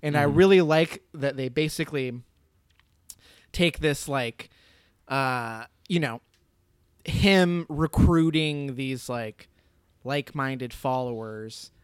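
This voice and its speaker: A man's voice: mid-range voice, takes it slowly, clean tone, no room sound. A man co-hosting a casual podcast chat, rambling with many fillers and casual swearing. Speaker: podcast co-host reviewing a film.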